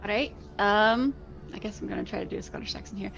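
A woman with a mid-pitched voice plays a tabletop game. She is cheerful and giggly, describes her character eagerly and works her sums out aloud. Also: quick pace, gravelly, fairly bright tone, dull audio. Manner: cheerful, giggly, fumbles with numbers. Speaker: player.

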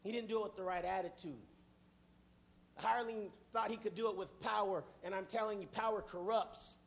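Man, preacher, sermon, very high voice, fervent, shouting at times. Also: steady tone, brisk, creaky.

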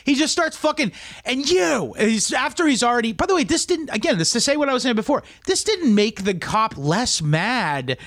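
A man's voice: extremely high pitch, sing-song, moderate pace, a bit bright, no room sound, studio quality. A young man from south of Boston hosting a casual podcast, telling a rambling story full of swearing and laughs. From south of Boston, USA. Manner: rambling crude storytelling, swears a lot, laughs mid-sentence. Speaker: podcast host.

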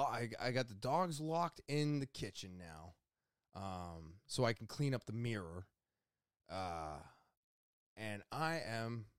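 A young adult man casually retelling his morning in an animated, exasperated way, voicing his own thoughts as he goes. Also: mid-range voice, no echo, clean studio sound. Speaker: vlogger. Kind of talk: casual storytelling to camera.

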